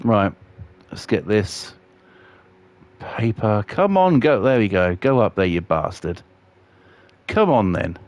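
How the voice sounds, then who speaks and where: A man's voice: lowish voice, lively intonation, slow, pauses often, muffled recording. Sweary man ranting on stream. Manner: profane, ranting, heavy swearing. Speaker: game streamer. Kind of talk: live gameplay stream chat.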